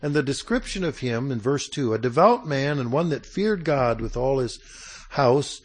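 Man preaching, conversational, clears throat. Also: medium pitch, animated. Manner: reads scripture aloud slowly. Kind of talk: sermon.

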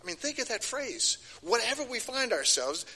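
A man's voice: very high voice, sing-song, normal speed, pushed and bright, breathy edge. An older man giving a sermon, emphatic and repeating key phrases, his voice rising and falling. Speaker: preacher. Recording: long hall reverb.

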